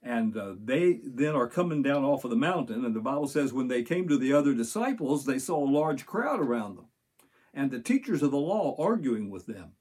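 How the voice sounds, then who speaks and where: An older man delivers a Sunday sermon in a husky, slightly breathy voice. He speaks earnestly, reading scripture aloud and pausing to explain it to his congregation. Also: medium pitch, sing-song, darkish tone. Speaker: pastor.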